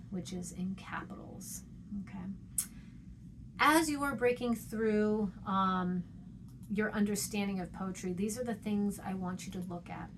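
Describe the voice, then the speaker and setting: A woman's voice: medium pitch, noisy background. A woman teaching a poetry lesson, chatty, checking in with "okay?" and "right?", and sounding out rhythms with playful noises.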